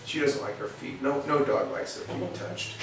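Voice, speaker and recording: Speaking at a moderate pace in a slightly high, animated voice, a male veterinarian walks through a demonstration in a clinic exam room. His delivery is folksy and rambling, with frequent restarts. The mic is distant, the room echoes, and there's faint noise.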